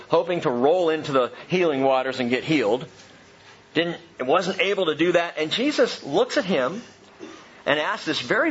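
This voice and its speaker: A man's voice: fairly high pitch, fairly bright tone, muffled recording, a little hiss or hum. A man preaching a sermon, earnest and emphatic, asking his listeners question after question. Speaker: pastor.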